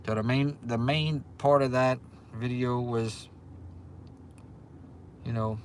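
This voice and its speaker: A man's voice: mid-range voice, fairly even intonation, slow, slight background noise. A man from Louisiana with a Cajun accent, chatting casually on a livestream and reading viewer comments aloud in a rambling way. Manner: rambling, chatty, restarts often. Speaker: livestream host. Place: restaurant.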